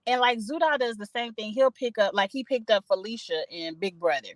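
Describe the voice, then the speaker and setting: A fairly high-voiced woman talks through a gossipy reality show recap while sitting in her parked car. Her voice sounds close and dry, with little room sound. She is opinionated and chatty and keeps drifting into asides. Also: a little fast, no room sound, rough recording. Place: parked car in a parking lot.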